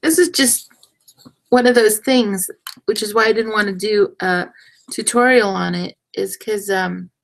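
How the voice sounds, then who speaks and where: A woman's voice: mid-range voice, unhurried, creaky, rough recording. A young adult woman hosting a casual crafting livestream, chatty and self-deprecating, trailing off mid-sentence as she works with her hands.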